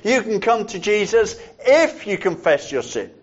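A man preaching a sermon in a measured, reflective way, repeating phrases for emphasis. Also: high voice, sing-song, highs cut off.

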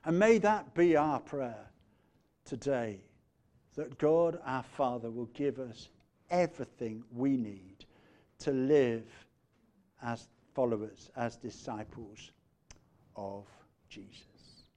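A man preaching a sermon, measured, letting phrase endings fall quiet and growing animated when he retells a story. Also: mid-range voice. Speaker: pastor.

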